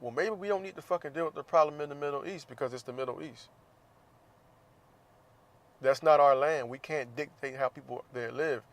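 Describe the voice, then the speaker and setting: A man's voice: fairly high pitch, fairly quick. Blunt, cussing man. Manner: blunt, swears often, laughs between points. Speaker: podcast host. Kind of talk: casual profane monologue.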